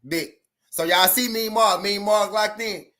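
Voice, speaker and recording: A man's voice: sits high, normal speed, pushed and bright. A man with a Southern US accent hosting a casual boxing livestream, chatting loosely with viewers and repeating himself.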